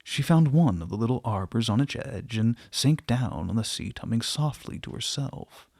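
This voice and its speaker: A man reading a short story aloud in a gentle, unhurried way, voicing the dialogue softly. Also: mid-range voice, lively intonation, vocal fry, breathy edge, no room sound, clean studio sound. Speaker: narrator.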